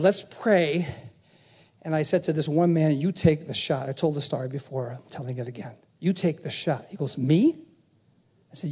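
A male pastor preaching a sermon at a church convention, shouting refrains and throwing call-and-response questions at the congregation. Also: fairly high pitch, breathy edge.

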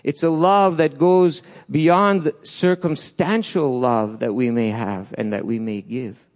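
A man preaching a sermon in a church, swinging between loud urgent peaks and soft low asides, with restarts along the way. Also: steady tone, slow. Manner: passionate, rises and falls, restarts, acts out quotes.

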